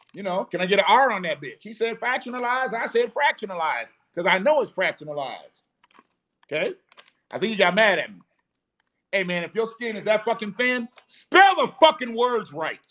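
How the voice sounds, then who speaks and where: A man's voice: high voice, fairly bright tone. Blunt, profane man ranting on a live stream. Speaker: host of a live show.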